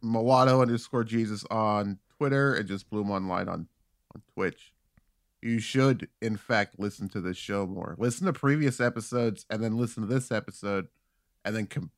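A man co-hosting a comedy podcast, rambling and profane, with halting restarts. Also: lowish voice, no room sound, studio quality. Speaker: podcast co-host. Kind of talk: casual comedy podcast chat.

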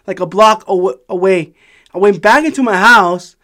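High-voiced man telling a wild story. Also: moderate pace. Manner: animated, swears a lot, laughs while telling. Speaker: podcast host. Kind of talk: casual storytelling chat.

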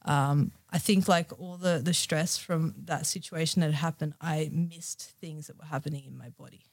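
A woman's voice: low-pitched, steady tone, normal speed. A young woman from Australia telling a personal story as a podcast guest, candid and emotional, with many fillers.

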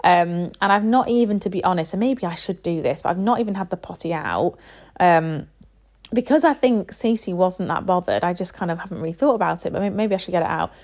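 A woman's voice: fairly low pitch, fairly quick, a little mellow. Chatty woman, rambling casually. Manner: chatty, rambling, with frequent fillers. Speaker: parent. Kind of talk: casual chat.

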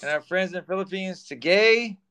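A man's voice: high-pitched, normal speed, pushed and bright, clear, resonant tone. Chatty, joking male podcast co-host. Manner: chatty, laughs often, loose and joking. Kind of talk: casual chat.

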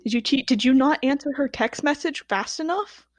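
Woman, podcast co-host, blunt, animated, a bit high, dry sound. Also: moderate pace, no echo. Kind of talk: casual podcast chat.

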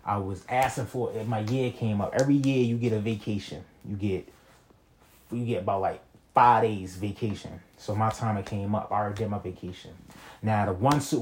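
A man's voice: on the low side, darkish tone. A young man telling a personal story in a casual, rambling monologue, full of slang and "you feel me.". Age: young adult.

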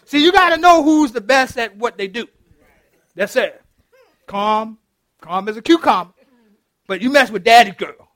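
A man's voice: very high voice, normal speed, pauses often, dry recording, clean studio sound. A middle-aged man, preaching an interactive sermon as pastor, laughing often and calling out to his congregation. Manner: animated, laughing, calls out to the congregation. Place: church.

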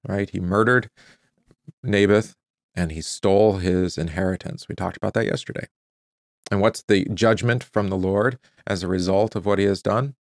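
A man with a lowish, gravelly voice reads scripture and then walks through a catechesis lesson. He asks his listeners questions and answers them himself, now and then tripping over a hard word. The sound is close and dry. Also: no echo. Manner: stumbles over hard words and restarts them. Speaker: Bible teacher.

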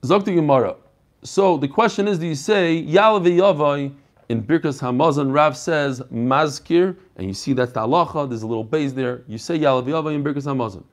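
A man teaching an online Talmud class over a video call, animated and quizzing his students. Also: on the high side, brisk. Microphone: computer mic on a video call.

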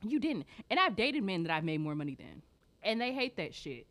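A woman's voice: mid-range voice, sing-song, fairly quick, fairly bright tone. A woman co-hosting a podcast, giving blunt, profane opinions in casual chat. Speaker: podcast co-host.

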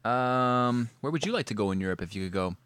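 Lively, laughing man in casual chat. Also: mid-range voice, a little fast, smooth, no echo. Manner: laughing, swearing, animated storytelling.

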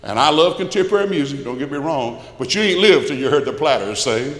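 A man's voice: medium pitch, animated, fast talker. An older man, giving a folksy, emphatic personal testimony to a church congregation. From Albany, Georgia. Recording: echoey church hall with long reverb.

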